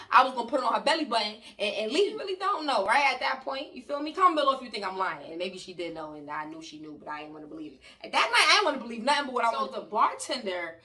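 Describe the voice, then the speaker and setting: A woman from New York with a New York accent, telling a story in an animated, loud and slangy way and talking to her viewers. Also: fairly high pitch. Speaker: vlogger. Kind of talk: storytime vlog. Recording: voice a bit distant from the mic.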